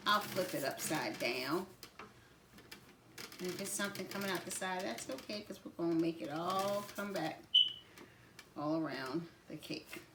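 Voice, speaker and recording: Loud mixer noise and clicks run through this home-kitchen cooking demo led by a Southern US woman with a lowish voice. She talks directly to viewers and laughs frequently.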